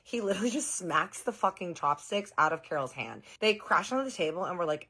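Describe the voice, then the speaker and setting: A woman with a low voice tells a story in casual storytime style. She is gossipy and sarcastic, swearing freely as she goes. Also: expressive, a little fast, few pauses, bright, forceful tone, slightly rough.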